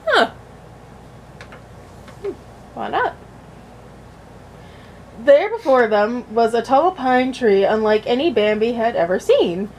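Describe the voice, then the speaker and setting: A woman's voice: fairly high pitch, expressive, slow, pauses often, darkish tone, a little hiss or hum. A woman vlogger reading a children's storybook aloud and breaking off into chatty, joking asides.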